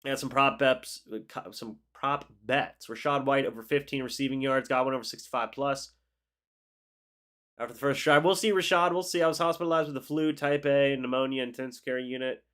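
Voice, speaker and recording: Slightly fast, with fairly even intonation and a bit of brightness, his voice sits at medium pitch. The young sports streamer, stuffy after the flu, chats casually and reads out comments from his audience.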